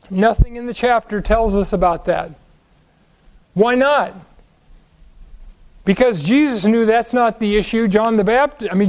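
A man's voice: high-pitched, a little mellow, low-quality recording. A man teaching the Bible verse by verse, asking questions and answering them, leaning on key words.

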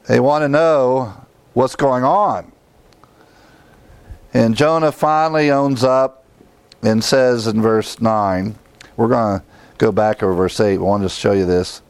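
A man's voice: mid-range voice, unhurried, long pauses, smooth, no echo. A man preaching a sermon as pastor, in a conversational way, acting out the lines of the people he quotes.

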